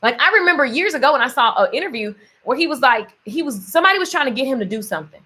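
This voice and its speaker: Racing and animated, this woman's high voice is bright, forceful and husky. She vlogs in a playful, casual storytelling manner with motivational talk, laughing frequently and adopting voices for quoted lines.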